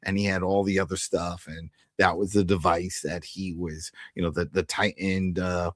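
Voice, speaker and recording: Animated low-voiced man in recap chat. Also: dry recording, clean studio sound. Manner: animated, quick to react and agree. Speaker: podcast co-host.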